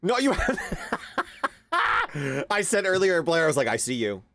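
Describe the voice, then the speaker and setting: A man's voice: a little high, sing-song, moderate pace, a bit bright, slight background noise. A young man streaming live, chatting casually with his viewers and greeting them by name, now and then cooing at his pet. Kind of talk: casual livestream chat.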